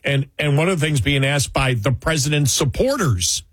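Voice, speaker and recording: A husky-voiced man hosts a political talk show, reading an editorial aloud and breaking in with his own emphatic remarks. The sound is dry and close. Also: on the high side, lively intonation, normal speed, hardly any pauses, no room sound.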